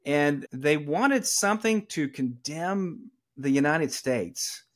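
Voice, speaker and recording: A middle-aged podcast guest from Atlanta, Georgia, speaks slowly with a Southern accent, his voice a bit higher than most men's. He's an animated storyteller in conversation, acting out the people he quotes.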